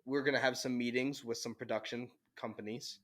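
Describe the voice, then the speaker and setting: A young man co-hosting a podcast, telling animated stories with laughter on a handheld mic. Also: medium pitch, fairly quick. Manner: animated storytelling with frequent laughs. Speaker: podcast co-host. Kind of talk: casual chat. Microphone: handheld mic, sometimes held away.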